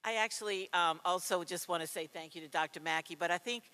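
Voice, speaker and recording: A woman making an informal announcement at a ceremony, hesitant with many pauses. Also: fairly low pitch, bright, forceful tone, clean tone. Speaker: ceremony speaker.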